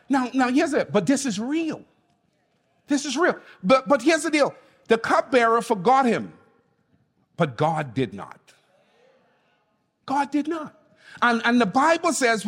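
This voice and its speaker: A man's voice: very high voice, a bit bright, breathy edge, in a large hall. A man preaching a sermon as pastor, speaking emphatically and calling on the congregation to respond. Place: church.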